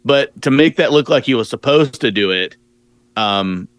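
A male podcast co-host shares his reactions in a loose, rambling way, leaning on fillers as he goes. His voice sits at an ordinary pitch, recorded close and dry. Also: lively intonation, moderate pace, clean tone, no echo. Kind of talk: casual chat.

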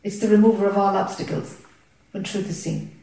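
Calm spiritual teacher, echoey hall. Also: female voice, mid-range voice, distant mic. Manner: calm, slow, encouraging. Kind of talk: satsang dialogue.

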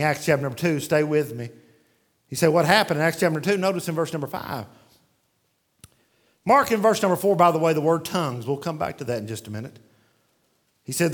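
High-voiced male preacher. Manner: preaching verse by verse, asks and answers rhetorical questions; varies pace widely, slowing down when reading scripture aloud. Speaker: pastor. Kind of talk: sermon.

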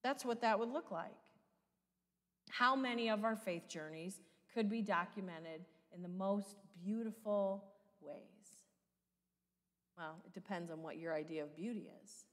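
A woman's voice: medium pitch, unhurried. Midwest lady pastor preaching, lots of questions to the room, long church echo. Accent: American Midwest. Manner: conversational preaching with rhetorical questions. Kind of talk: sermon. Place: church sanctuary.

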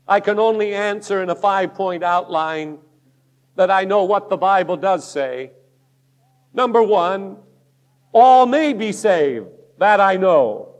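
A man's voice: sits high, big-room sound. A man preaching a sermon as pastor, emphatic and declaiming, quoting scripture with force.

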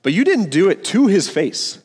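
A man's voice: high-pitched, very animated, normal speed, a little mellow, husky, long reverb tail. A male pastor giving a sermon in an earnest, conversational way, full of casual slang.

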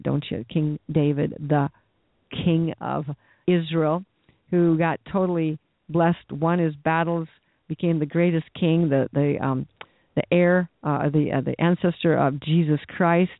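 A man's voice: high voice, dry recording. A man preaching a sermon in a blunt, impassioned, exhorting way. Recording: tinny phone-like dry sound.

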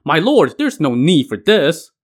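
A man's voice: medium pitch, expressive, normal speed, fairly bright tone. A man voicing a loyal general who pleads and argues urgently, in a told story. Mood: pleading. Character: loyal, pleading male general, a sworn brother.

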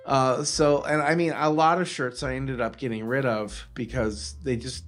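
A man's voice: mid-range voice, steady tone, moderate pace, fairly bright tone, faint music behind. Wry man riffing on a podcast. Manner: wry, self-mocking riffing. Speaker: podcast co-host. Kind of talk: casual chat.

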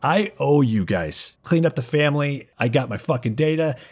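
A man's voice: fairly high pitch, lively intonation, normal speed, darkish tone, breathy edge, voice pushed up. A man voicing a ruthless, volatile male mafia boss in a tabletop game, cursing heavily. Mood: pleased. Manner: profane, explosive, swings from fury to gratitude.

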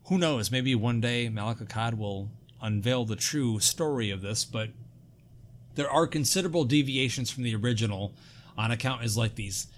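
A man hosting a podcast in casual chat, excitable, jokey and full of swearing. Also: medium pitch, normal speed, slight background noise. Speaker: podcast host.

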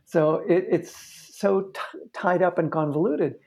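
He has a high, warm voice with vocal fry and speaks at a measured pace. As a therapist, he recounts a case conversationally, telling it with earnestness and vivid detail and frequently beginning sentences again.

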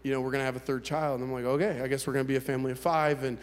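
A man preaching to an audience in a large hall, his voice trailing off into a long reverb. He sits mid-range in pitch and talks in a candid, conversational way, often restarting his sentences as he tells his own story. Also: level tone, very fast. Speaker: pastor. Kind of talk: personal testimony sermon.

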